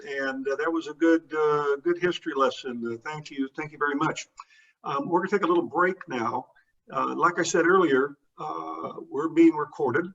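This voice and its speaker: A man hosting a community event, speaking in a halting way with many fillers. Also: on the high side, fairly bright tone. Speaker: event host. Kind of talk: casual hosting remarks. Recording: distant, dull sound.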